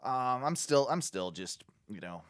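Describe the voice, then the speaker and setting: A man's voice: mid-range voice, big pitch swings, a little slow, smooth, dry recording, studio quality. A man co-hosting a podcast in casual chat, hesitant, often restarting and hedging his points. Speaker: podcast co-host.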